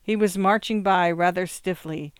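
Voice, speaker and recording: Woman reading a story aloud, steady and measured, super clear voice, dry recording. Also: lowish voice, no room sound. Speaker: audiobook narrator. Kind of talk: storybook narration.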